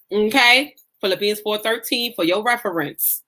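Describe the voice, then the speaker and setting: A woman life coach leads a live-streamed lesson in an emphatic, folksy, preacher-like way. Her voice sits a little high and comes across bright and forceful. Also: a little slow, hardly any pauses. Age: adult mother.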